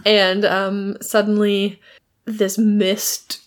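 Brief: chatty woman co-host, mid-pitched, casual recap, laughs a lot. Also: completely flat delivery. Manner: chatty, laughs often, acts out lines in quick asides. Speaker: podcast co-host recapping a film. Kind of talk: casual chat.

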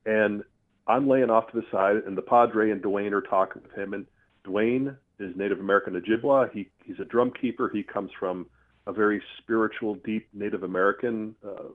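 Man, low voice, casual earthy storytelling, tinny phone line. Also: normal speed. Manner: earthy, animated, with mild swearing. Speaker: storyteller guest.

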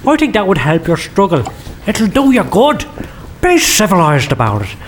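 A man's voice: sits high, huge pitch swings, moderate pace, a little hiss or hum. A man playing a sly, swearing detective, teasing in a comedy sketch. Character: cheeky, foul-mouthed detective, sly mischief-maker.

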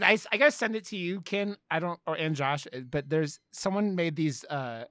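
A man co-hosting a podcast in casual chat, excitable, swearing and laughing as he talks. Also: on the high side, moderate pace, few pauses, dry recording, studio quality. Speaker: podcast co-host.

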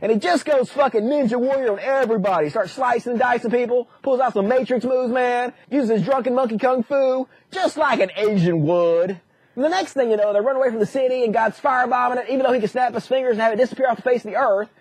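A man telling a profane, sarcastic comic retelling, full of dude-speak and quick put-on voices. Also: very high voice, darkish tone, no echo. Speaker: comedic storyteller. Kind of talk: crude comedic retelling.

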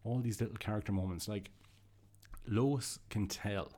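Warm and on the low side, this man's voice moves at a normal speed as he hosts a podcast reviewing comic books. He's eager and casual, wandering off track, restarting sentences and leaning on fillers.

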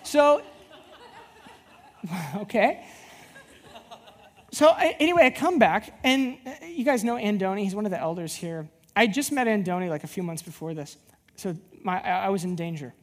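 Husky-voiced woman youth pastor preaching, storytelling, acts out the conversations. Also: medium pitch, normal speed, pauses often. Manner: animated storyteller who acts out dialogue. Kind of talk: sermon with personal storytelling.

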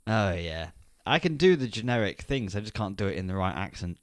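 Man in his thirties, podcast co-host, easygoing and chatty, lowish voice, dry close mic. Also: a little fast, no echo. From Yorkshire, England. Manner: relaxed, chatty, laughs easily. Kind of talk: casual film podcast chat.

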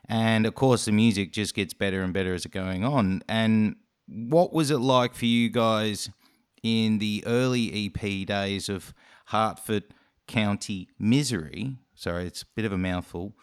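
Australian male podcast host, low-ish voice, smooth and clear, loose rambling questions. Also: unhurried. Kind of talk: casual interview.

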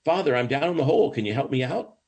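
An older man acting out a desperate man stuck in a hole, who shouts his pleas for help upward. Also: mid-range voice, animated, fast, slightly rough, voice pushed up. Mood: pleading. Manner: pleading shouts.

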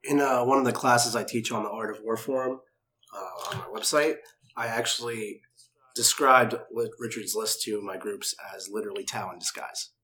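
A man's voice: lowish voice, normal speed, pushed and bright. A man who teaches classes, chatting casually and emphatically on a podcast. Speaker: instructor and podcast co-host. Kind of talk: casual chat.

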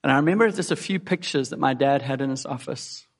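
A man's voice: mid-range voice, fast talker. A man preaching a sermon in an earnest way, putting direct questions to his listeners. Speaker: pastor. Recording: long hall reverb.

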